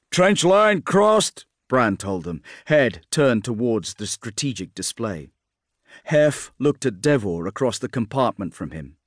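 A man reading a science-fiction war story as an audiobook narrator, in a steady, measured storytelling manner. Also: medium pitch, dry recording, studio quality. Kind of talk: scripted narration.

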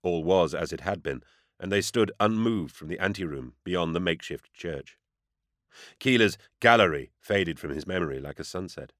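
Deep-voiced man narrating an audiobook. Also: animated, a bit bright, dry recording, studio quality. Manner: measured, grave storytelling.

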